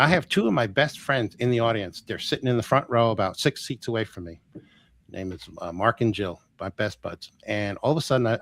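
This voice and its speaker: Animated storytelling man, dry close sound. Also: fairly low pitch, no room sound. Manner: animated storyteller who acts out dialogue and laughs often. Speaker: energy healer guest. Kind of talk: storytelling interview.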